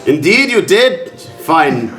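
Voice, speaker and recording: A man's voice: fairly high pitch, sing-song, slow pace, fairly bright tone, voice pushed up, full character voice. A man voicing a chatty, jokey carriage driver and former adventurer, in a wobbly put-on accent. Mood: cheery, warning. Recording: roomy sound with faint music.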